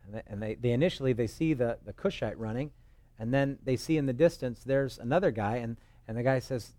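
A pastor preaches an expository sermon in a medium-pitched, dark voice, talking a little fast with no room sound. His storytelling is loose and conversational, with joking asides, and he acts out the voices he quotes.

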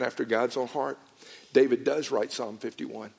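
A middle-aged man preaching a sermon as a pastor, earnest and emphatic, dropping low and hushed at times. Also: fairly even intonation, moderate pace, creaky, slightly rough.

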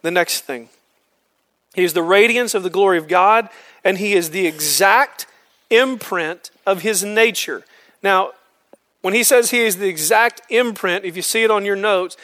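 A man's voice: high-pitched, sharp tone. A man leading a men's Bible study, explaining scripture earnestly and using homespun examples.

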